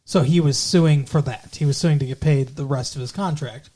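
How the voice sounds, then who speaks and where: A man co-hosting a podcast, recapping a TV show in casual chat with animated, profane ranting and lots of fillers. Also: medium pitch, normal speed. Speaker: podcast co-host.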